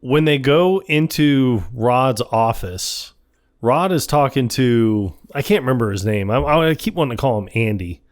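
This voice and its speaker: A man's voice: medium pitch, lively intonation, a little slow. A man co-hosting a podcast, recapping a film in casual chat, quoting scenes in funny voices and laughing often. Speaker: podcast co-host.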